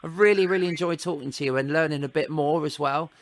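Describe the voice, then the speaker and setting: A man hosting a podcast, chatty and quick to laugh as he wraps up an interview. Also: a little high, noisy background. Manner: chatty, laughs often, warm thanks. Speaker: podcast host. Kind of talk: casual interview and outro.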